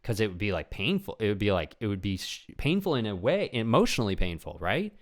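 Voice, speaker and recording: A young man hosting a solo podcast in a casual ramble, often dropping into quick imitations of other people. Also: fairly low pitch. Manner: rambling, animated, acts out voices of people he imagines. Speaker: podcast host.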